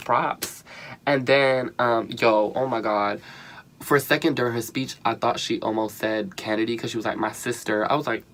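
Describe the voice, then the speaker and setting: Animated young man ranting a casual review. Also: mid-range voice, normal speed. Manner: animated, profane, slang-heavy, bursts into laughter. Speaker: vlogger reviewing a reality show.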